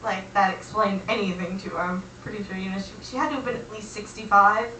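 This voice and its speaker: A young woman telling a comic personal story in a chatty, animated way, acting out quoted voices. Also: medium pitch, quick pace, roomy sound, recorded from a distance, slight background noise, rough recording.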